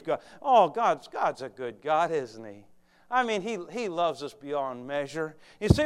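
A male preacher delivering a fervent sermon, moving between quiet asides to the congregation and loud exhortation. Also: fairly high pitch, very animated, measured pace.

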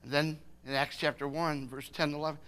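An older man preaching a sermon, impassioned, swinging from hushed words to shouting. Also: a little high, flat delivery, fast talker.

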